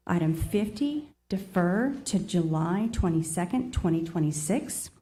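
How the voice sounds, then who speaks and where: Woman, council meeting chair, mellow low voice, reading number lists, apologetic. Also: animated, measured pace. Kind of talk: reading agenda items at a public meeting.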